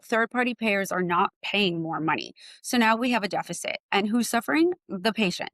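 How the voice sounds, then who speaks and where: A woman's voice: medium pitch, no echo. A middle-aged woman, a physician and clinic head, talking as a podcast guest and acting out conversations as she tells stories. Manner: animated storyteller, acts out dialogue. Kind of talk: podcast interview.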